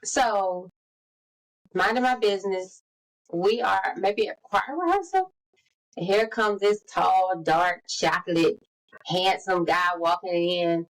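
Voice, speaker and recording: A woman in her forties co-hosting a podcast, telling stories in lively casual chat and acting out the quotes. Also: medium pitch, slow, poor audio. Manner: animated storyteller, acts out quotes. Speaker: podcast co-host.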